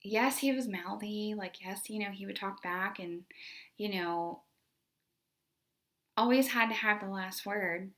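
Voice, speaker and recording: A woman's voice: medium pitch, a little slow, long pauses, a bit bright. A young woman, a special education teacher, telling a story from her classroom in a casual, conversational way, full of "like" and "you know".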